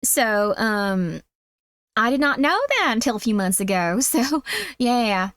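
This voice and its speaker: Squeaky woman with a put-on Southern drawl. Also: expressive, slow, a bit bright, clean tone, dry recording, studio quality. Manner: sweet, effusive, calls viewers sweetie. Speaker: streamer. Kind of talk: casual livestream chat.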